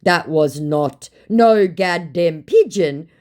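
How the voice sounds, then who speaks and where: A woman's voice: fairly low pitch, expressive, a little mellow, voice pushed up. Woman mimicking a drawling scam artist. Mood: mocking. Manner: slow, drawling mockery. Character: mocking male online scammer, dim and defensive.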